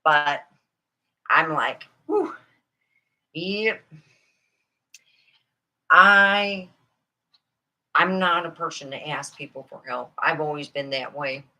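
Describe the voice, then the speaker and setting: A woman's voice: deep voice, fairly even intonation, slow, long pauses, bright, forceful tone. A middle-aged woman telling rambling comic stories in a chatty, meandering way. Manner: chatty, meandering, many fillers. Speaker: comedian. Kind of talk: rambling stand-up storytelling.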